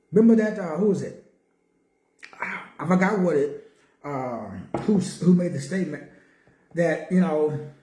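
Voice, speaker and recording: A man's voice: high-pitched, dark tone. Emphatic man teaching in an echoey room. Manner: repetitive, emphatic questioning. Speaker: spiritual teacher. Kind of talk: teaching talk. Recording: roomy echo.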